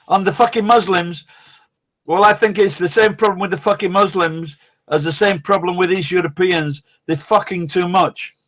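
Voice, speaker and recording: A man's voice: sits high, steady tone, normal speed, a bit bright. A man, hosting a casual live-stream chat, rambling, blunt and swearing constantly. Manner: rambling, blunt and heavily profane.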